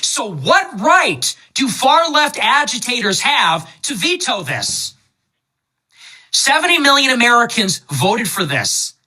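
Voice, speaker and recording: A man delivers a rapid-fire political speech in short, insistent declarations, lecturing as he goes. His voice is bright and cutting. He hammers each point with firm certainty. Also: very high voice, sing-song, husky, rough recording. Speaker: political commentator in a played clip.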